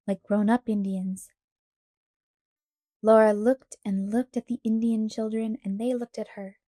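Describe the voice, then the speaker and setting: A woman reading a children's novel aloud as an audiobook, steady and measured. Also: a little high, no room sound, clean studio sound. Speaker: audiobook reader. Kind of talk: storybook read-aloud narration.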